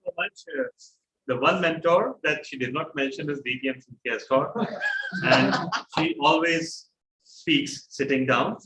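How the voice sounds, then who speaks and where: A man's voice: a little high, measured pace, sharp tone. A man with a Pakistani English accent hosting a club meeting, introducing speakers with light banter. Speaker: meeting host. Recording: echoey room from far off, faint noise.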